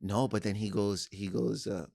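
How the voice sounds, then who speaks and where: A man's voice: fairly low pitch, steady tone, normal speed, creaky, a little mellow, dry recording. Joking male podcast co-host, dry sound. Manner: joking, riffs on absurd ideas. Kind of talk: casual chat.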